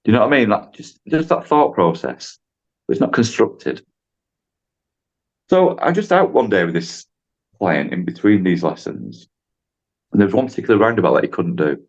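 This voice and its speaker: Deep guy rambling thru a story on a podcast, kinda dull lo-fi sound. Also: sing-song, normal speed, long pauses. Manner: chatty, rambling, acts out dialogue with voices. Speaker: driving instructor guest.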